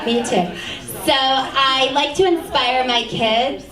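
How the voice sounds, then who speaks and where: A middle-aged woman doing a stand-up comedy set in a comedy club, with a dry, deadpan delivery that acts out dialogue. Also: high-pitched, slow, a loud crowd, very noisy. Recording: echoey club, captured from a distance. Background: audience laughter.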